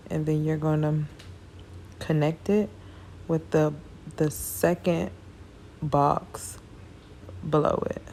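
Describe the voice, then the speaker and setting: A woman's voice: low-pitched, little pitch movement, slow pace, long pauses, mellow, a little hiss or hum. A tired woman giving a casual, chatty hair braiding tutorial, talking her viewers through each step. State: tired, yawning.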